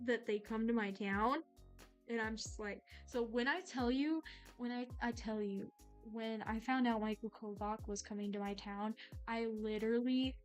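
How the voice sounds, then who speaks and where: Gushing young woman streamer chatting. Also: a little high. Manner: excitable, gushing, rambling with many fillers. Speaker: art streamer. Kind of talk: casual chat while drawing.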